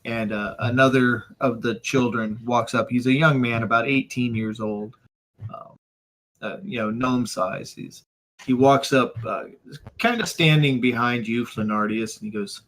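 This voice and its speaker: A man narrating as game master of a tabletop game, hesitant with many pauses. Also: medium pitch, fairly bright tone, rough recording. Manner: hesitant, full of ums.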